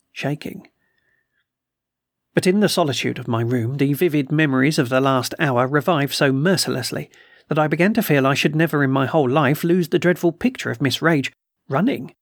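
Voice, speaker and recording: Gravelly, husky male storyteller. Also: on the high side, dry recording, studio quality. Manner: measured, literary storytelling. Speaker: audiobook narrator. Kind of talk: scripted narration of a period ghost story.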